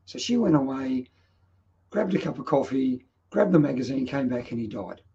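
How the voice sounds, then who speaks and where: Gravelly Australian man, earnest and reflective. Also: medium pitch, expressive, normal speed, mellow, muffled recording. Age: middle-aged. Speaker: vlog host. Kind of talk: personal storytelling monologue.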